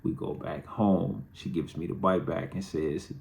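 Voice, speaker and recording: A man's voice: low voice, fairly even intonation, a little slow, vocal fry, a little mellow. A middle-aged man hosting a show, telling a personal story in a candid, conversational and dryly humorous way. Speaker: host.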